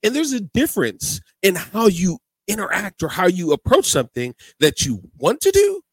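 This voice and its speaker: A man hosting a casual podcast, who tells rambling, animated stories and steers the conversation. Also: high voice, normal speed, husky, no echo. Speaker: podcast host.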